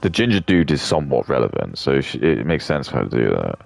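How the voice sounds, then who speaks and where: A male gaming streamer with a very low, gravelly voice that still swings widely in pitch. He rambles through casual commentary, sarcastic and quick to swear. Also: very animated, dry recording.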